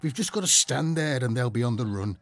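A man's voice: mid-range voice, animated, brisk, no room sound, close to an everyday voice. A man playing a pleading Brummie Patroclus. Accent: Birmingham. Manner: earnest, pleading, reproachful. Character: loyal pleading Greek warrior, young man. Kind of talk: radio drama acting.

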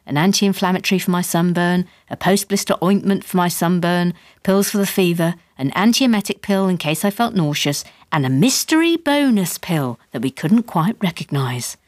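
A woman's voice: fairly low pitch, normal speed, a little mellow, no room sound, clean studio sound. A woman narrating a memoir audiobook with wry, comic storytelling.

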